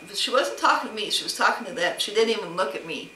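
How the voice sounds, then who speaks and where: A woman with a bright, sharp voice rambles through a story of being slighted, replaying every exchange. She sits back from the mic in an echoey room, and faint ambient noise runs under her. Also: medium pitch, animated, fast talker, hardly any pauses, recorded from a distance. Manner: rambling, aggrieved retelling with many quoted exchanges. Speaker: vlogger. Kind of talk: casual personal storytelling vlog.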